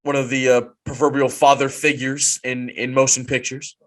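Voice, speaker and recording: Speaking in a mid-range voice, a man co-hosting a wrestling podcast keeps the chat casual. Once he warms up, he gets animated and repeats things quickly.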